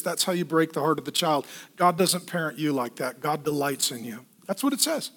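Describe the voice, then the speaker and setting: A man preaching a sermon as pastor, telling stories in an animated way, acting out voices and asking the congregation to answer back. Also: on the high side, a little fast. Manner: animated storytelling with acted kid voices, asks the congregation for responses.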